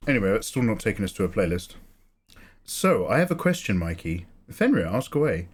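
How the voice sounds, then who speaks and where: A man's voice: on the low side, very animated, a little fast, husky. A tired man with a chatty, laughing way of talking, answering his live stream chat from a small home studio.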